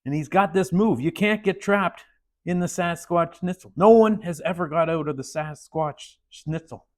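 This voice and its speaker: An anxious wrestling coach, voiced by a man telling a joke, sounds uneasy. His voice sits a little high, and he hammers home his warnings. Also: moderate pace, close to an everyday voice. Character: worried middle-aged male wrestling coach.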